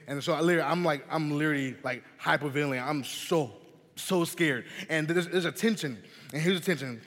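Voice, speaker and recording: A young man giving a youth sermon, telling a personal story in an animated, chatty way and often saying "man" and "listen". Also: fairly high pitch, brisk. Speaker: youth pastor. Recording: long hall reverb.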